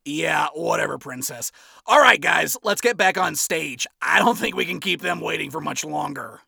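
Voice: mid-range voice, animated, normal speed, gravelly, husky, no echo, studio quality, pitched above the performer's own voice, heavily acted. A narrator voicing an arrogant, crude male rock star in a fan story reading. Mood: dismissive. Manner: crude, boastful, shouting. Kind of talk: amateur audiobook reading.

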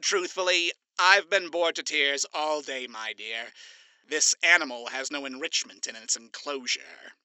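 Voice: mid-range voice, measured pace, sharp tone, smooth, dry recording. A narrator voicing a vain, sardonic male demon who drawls and teases in a storybook reading. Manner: drawling, sarcastic, teasing.

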